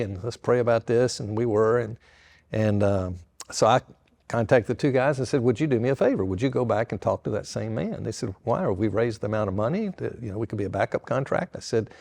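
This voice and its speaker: Older pastor man telling stories, folksy, acts out the people he quotes, middle pitch. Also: creaky. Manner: folksy, animated retelling with quoted dialogue. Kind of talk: storytelling to a live audience.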